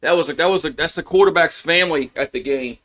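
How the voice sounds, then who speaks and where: A man's voice: a little high, fast, a bit bright. A man doing casual live play-by-play of a football game as a fan streamer, frustrated, swearing and repeating himself.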